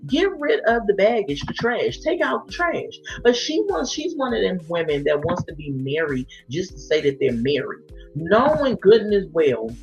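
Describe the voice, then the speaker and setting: A woman's voice: lowish voice, sing-song, normal speed. A woman giving a blunt, exasperated recap of a reality show, acting out the people she quotes. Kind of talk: opinionated casual recap. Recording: dull lo-fi sound with faint music.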